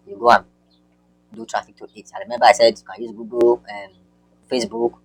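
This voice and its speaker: A man walking viewers through an online marketing tutorial on screen, talking in a halting way with repeated words and many fillers. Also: fairly low pitch, little pitch movement, slightly rough, no echo, rough recording.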